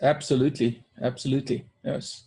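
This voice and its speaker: Calm South African man on a call. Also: medium pitch, fairly quick, husky. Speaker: webinar co-host. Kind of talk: casual webinar talk.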